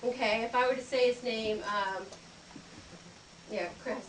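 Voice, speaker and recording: A woman's voice: on the high side, steady tone, measured pace. A woman etiquette instructor teaching a group of children, upbeat and teacherly, acting out greetings and handshakes. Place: library program room. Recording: echoey room, distant mic, background noise.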